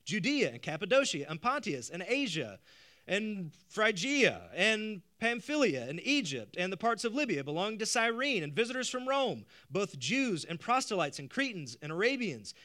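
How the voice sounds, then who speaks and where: A male pastor preaching a sermon, animated, with rhetorical questions and frequent stammered restarts. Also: high voice, normal speed.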